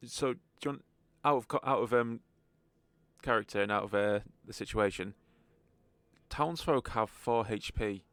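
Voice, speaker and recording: A man's voice: on the low side, normal speed, a bit bright, clear, resonant tone, dry recording. A man narrating a tabletop game as game master, in a wry, joking manner.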